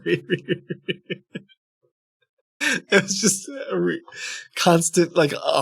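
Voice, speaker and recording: A man's voice: fairly high pitch, no echo. A man streaming live, reading scam emails aloud with amused, chuckling, rambling asides. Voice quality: creaky.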